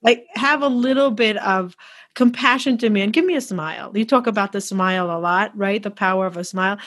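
A woman's voice: medium pitch, fairly quick, fairly bright tone. A woman hosting an interview, chatty and effusive, often restarting her sentences. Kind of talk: conversational interview.

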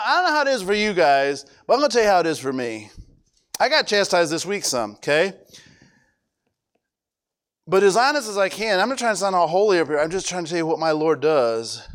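High, clear-voiced male preacher. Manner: conversational, repeats words, quizzes the audience. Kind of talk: sermon.

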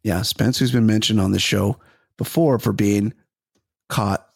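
Husky, rambling comedy podcast man. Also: lowish voice, steady tone, unhurried, dry recording, studio quality. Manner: rambling profane storyteller, many restarts. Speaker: podcast co-host. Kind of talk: casual comedy chat.

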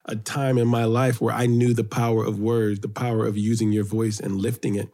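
Speaking briskly, a middle-aged Brooklyn, New York man, a poet and children's author, appears as an interview guest. He tells lively stories from his childhood, and his voice climbs higher whenever excitement takes over.

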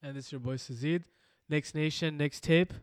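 Higher-voiced podcast dude, blunt, swears a lot, dry close mic. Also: male voice, steady tone, normal speed, smooth, no room sound. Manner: blunt, swears freely, teasing. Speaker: podcast co-host. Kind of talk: casual chat.

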